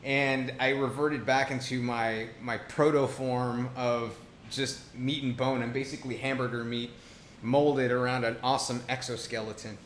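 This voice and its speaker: A man's voice: mid-range voice, little pitch movement, moderate pace. Male co-host, teasing and rambling, roomy recording with faint hiss. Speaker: podcast co-host. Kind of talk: casual chat.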